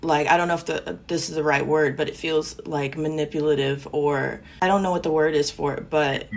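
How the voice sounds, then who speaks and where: A woman's voice: low-pitched, fairly even intonation, fairly quick. A woman guest in a casual discussion, hesitant and searching for her words, with many "like"s.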